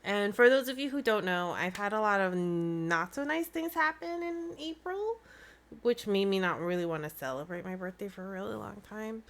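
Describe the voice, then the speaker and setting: A woman's voice: mid-range voice, lively intonation, normal speed, vocal fry. Bubbly woman chatting on a live stream. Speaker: livestream host. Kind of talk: casual live-stream chat.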